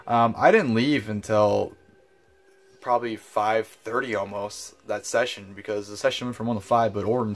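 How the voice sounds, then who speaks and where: Casual young man ranting, profane. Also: mid-range voice. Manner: frustrated, profane storytelling with lots of fillers. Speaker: vlogger. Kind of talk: casual recap vlog.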